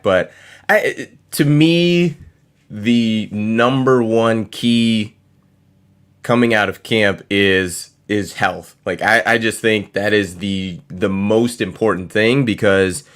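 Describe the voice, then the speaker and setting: A man from Michigan with a somewhat low voice discusses football. He is measured and hesitant, using fillers as he builds his point. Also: fairly bright tone, clear, resonant tone. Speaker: co-host. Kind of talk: casual chat, sports analysis.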